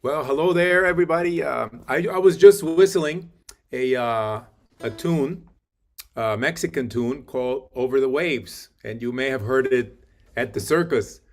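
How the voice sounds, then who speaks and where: A man's voice: medium pitch, a little slow. Man introducing a tune on a video call. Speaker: guest musician.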